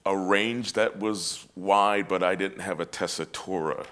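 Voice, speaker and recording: Very deep-voiced man, reflective and halting. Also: steady tone, a bit bright. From United States. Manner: reflective, halting with many restarts. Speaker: opera singer, guest. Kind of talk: casual conversation.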